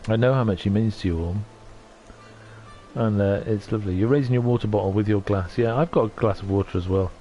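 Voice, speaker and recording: A middle-aged man chatting on a livestream, soft-spoken and halting, often moved. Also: lowish voice, soft background music. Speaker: streamer. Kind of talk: casual livestream chat.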